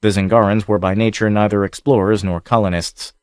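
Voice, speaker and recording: Low-voiced male audiobook narrator. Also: fairly even intonation, brisk, darkish tone, clear, resonant tone, no echo, clean studio sound. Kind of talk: scripted narration.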